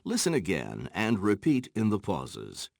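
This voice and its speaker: A man narrating textbook exercises in a slow, instructional way, with a gravelly voice. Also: on the low side, huge pitch swings, darkish tone, no echo, studio quality. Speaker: course narrator.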